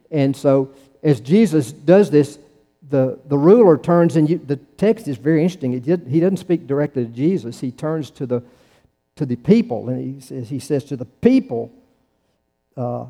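A man preaching a sermon, halting often with restarts and fillers as he tells stories to the congregation. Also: mid-range voice, dark tone. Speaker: pastor. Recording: long hall reverb.

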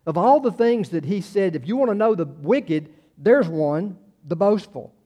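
A man's voice: sits high, expressive, unhurried, dark tone. A man preaching a sermon in a conversational way, often trailing off and restarting, then rising for emphasis. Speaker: pastor.

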